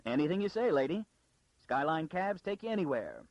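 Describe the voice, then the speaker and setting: A man's voice: fairly high pitch, big pitch swings, brisk, no echo, muffled recording, voice pushed up. A man voicing a cheerful, offhand male taxi driver, talking in a breezy way.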